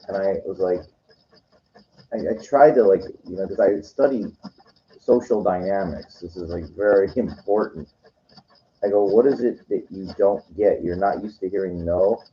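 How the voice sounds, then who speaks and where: A man with a very deep voice talks in a casual, meandering monologue. He keeps restarting his sentences and leans on "you know" and "like". The recording is dull and lo-fi. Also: normal speed, long pauses, a little hiss or hum. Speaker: weekend vlogger.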